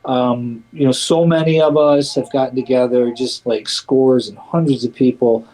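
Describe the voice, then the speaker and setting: A man's voice: medium pitch, fairly even intonation, normal speed, dark tone, low-quality recording. A man being interviewed as a community activist, talking casually and emphatically with many fillers and restarts, and acting out quotes in a livelier voice.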